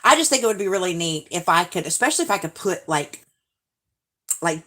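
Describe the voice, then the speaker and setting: A woman's voice: lowish voice, very animated, a little fast, pushed and bright. A woman from Alabama with a Southern accent, hosting a casual live stream in a chatty, gushing way as she reads out viewer comments.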